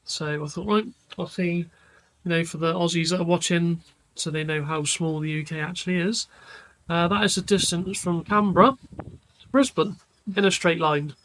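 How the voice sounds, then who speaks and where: A man's voice: on the high side, fairly even intonation, moderate pace, a bit bright, rough recording. A man, chatting casually as a vlogger, rambling with lots of fillers. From England. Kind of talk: casual chat.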